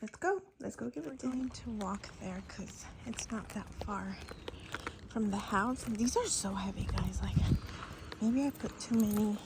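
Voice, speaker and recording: In her home kitchen, a woman chats casually while vlogging about crochet, giggling and making self-mocking asides. Her voice is mid-range at a normal speed, with background noise present.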